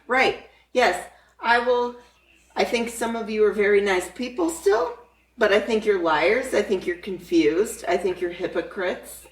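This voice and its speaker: A woman's voice: mid-range voice, a little slow, roomy sound, distant mic. A woman co-hosting a podcast in casual political chat, blunt, heated and profane. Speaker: podcast co-host.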